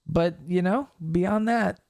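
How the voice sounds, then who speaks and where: A young man hosting a podcast, telling stories in a casual, animated way with plenty of swearing. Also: sits high, slow, a little hiss or hum. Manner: animated storytelling with profanity. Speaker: podcast host. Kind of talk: casual chat.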